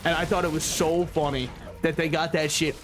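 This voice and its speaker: A man's voice: fairly high pitch, fairly even intonation, a little fast, noisy background. A man streaming a video game, rambling and joking with frequent swearing. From United States. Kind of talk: casual gameplay commentary.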